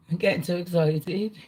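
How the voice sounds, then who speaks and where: Excitable sweary woman ranting. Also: on the low side, slightly rough, rough recording. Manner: excitable, rambling, heavy swearing. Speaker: livestream host. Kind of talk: casual rant to a live chat.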